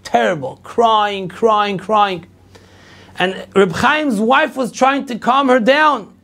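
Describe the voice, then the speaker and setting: A man's voice: high-pitched, slow pace, creaky, a bit bright. A middle-aged man, a rabbi telling a personal story to an audience and acting out the dialogue, with lots of repetition. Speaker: rabbi lecturer.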